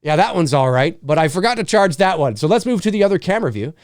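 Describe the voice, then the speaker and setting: A man's voice: fairly high pitch, very animated, fast talker, no room sound, studio quality. A man hosting his own show, talking casually about movies, rambling with many restarts. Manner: rambling, restarts often, acts out movie lines. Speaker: host. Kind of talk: casual solo movie talk. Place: home room with lights and cameras.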